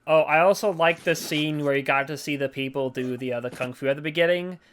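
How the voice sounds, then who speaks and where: A man's voice: a little high, fairly bright tone, a little hiss or hum. Joking man on a movie podcast. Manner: jokey, quick riffs with mock voices. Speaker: podcast co-host. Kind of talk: casual movie review chat.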